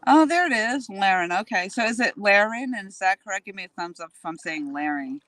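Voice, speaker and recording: A woman vlogs live from a kayak out on a lake, holding her phone camera as she paddles. She chats freely and speaks straight to her viewers, her voice sitting at an ordinary middle pitch. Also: lively intonation, a little fast, a bit bright, no echo. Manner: chatty, talks straight to viewers. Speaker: vlogger live streaming. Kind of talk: casual live-stream chat. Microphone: handheld phone camera.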